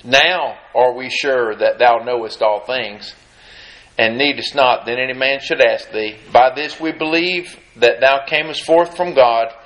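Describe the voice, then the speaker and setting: A man's voice: mid-range voice, measured pace, fairly bright tone. Folksy man preaching in a roomy space. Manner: folksy, reads scripture then comments with rising emphasis. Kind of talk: sermon. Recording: roomy echo.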